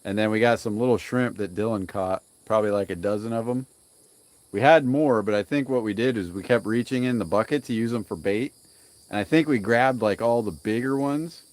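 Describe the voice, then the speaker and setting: A man's voice: fairly low pitch, fairly quick, dry recording. A young man hosting a casual live stream while grilling outdoors, rambling along and greeting viewers by name. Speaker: livestream cooking host.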